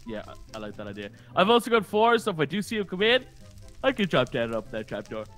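A man co-hosting a gaming video, joking, laughing and reacting loudly as he plays. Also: a little high, fast, faint music behind. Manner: jokey, animated, shouts and laughs a lot. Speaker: co-host gaming partner. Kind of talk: casual gameplay chat.

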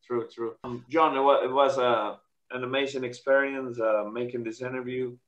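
A male interviewer thanking his guest in a casual interview, speaking softly and briefly. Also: mid-range voice, level tone, normal speed. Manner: soft, brief backchannels. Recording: muffled lo-fi sound.

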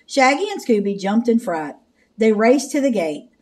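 A woman reading a children's picture book aloud in slow, clear narration. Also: fairly high pitch, very animated. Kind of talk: storybook read-aloud.

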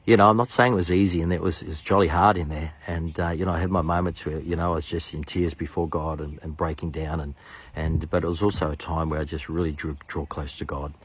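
A man's voice: extremely low pitch, fairly even intonation, fast, husky. A middle-aged man, a pastor, earnestly telling his personal testimony and acting out the voices of the people in it. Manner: earnest, enthusiastic, acts out quoted voices.

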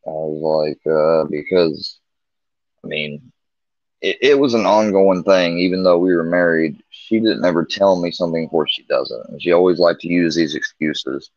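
A man's voice: low voice, darkish tone, no echo. A man casually telling a long personal story about his marriage, rambling and candid, full of restarts and quoted back-and-forth. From Missouri. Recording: dull lo-fi stream audio.

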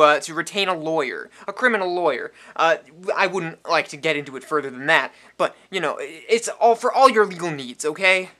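A man doing a loud shady hustler. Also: on the high side. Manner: loud, pushy, stammering, keeps asking okay. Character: shady pushy hustler man dodging the law. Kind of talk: improvised parody ad.

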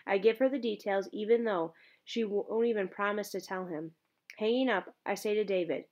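A woman's voice: medium pitch, normal speed. A woman reading a first-person novel aloud in an earnest, emotionally engaged way. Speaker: audiobook narrator.

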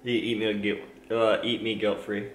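A man's voice: lowish voice, flat delivery, moderate pace, fairly bright tone. A man joining a casual snack taste test, teasing and joking and swearing offhandedly. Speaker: co-host partner. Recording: echoey room, faint background hum.

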